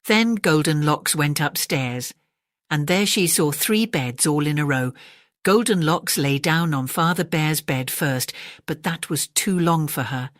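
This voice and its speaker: A woman with an English accent reads a bedtime story in a gentle, measured way. Her voice sits low, and the recording is dry and close. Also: no echo. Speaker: audiobook narrator.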